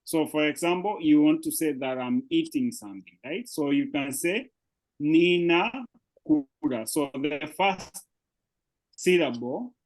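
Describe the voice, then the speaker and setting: A man's voice: fairly high pitch, a little slow, poor audio. A man teaching a beginners' language class over a video call, explaining patiently and checking often that his students follow. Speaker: Swahili teacher. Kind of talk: live online language class.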